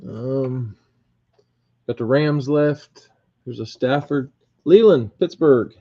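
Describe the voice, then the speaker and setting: In muffled, lo-fi audio with faint noise, a man hosts a casual live group break, running a team draw. His medium-pitched voice is warm and unhurried as he counts aloud, reads off names and teams, and chuckles at his own slips.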